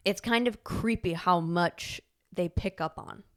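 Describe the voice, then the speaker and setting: A woman's voice: on the low side, measured pace. A woman co-hosting a casual podcast, talking in a rambling, chatty way with lots of "like" fillers and frequent laughs. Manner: laughs often while telling stories. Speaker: podcast co-host. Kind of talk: casual conversational podcast chat.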